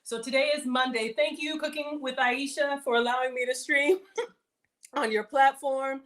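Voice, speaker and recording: Lady cooking live for her viewers, chatty, reads comments out, laughs a lot, kinda high voice. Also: fairly even intonation, moderate pace, fairly bright tone. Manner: chatty, reads chat aloud, laughs often. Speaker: livestream cooking host. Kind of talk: casual live cooking stream.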